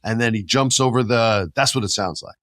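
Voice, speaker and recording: A man's voice: medium pitch, fairly quick, a bit bright, no room sound, clean studio sound. A man hosting a casual podcast chat, telling stories animatedly and acting out quotes and sound effects. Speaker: podcast host.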